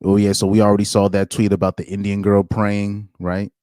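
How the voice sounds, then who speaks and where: This young commentary streamer delivers his reactions in a completely flat, deep, low voice with a darkish tone, talking a little fast. He reads posts aloud, then breaks off into disbelieving asides and half-finished restarts. The audio is close and dry, with no room sound at all.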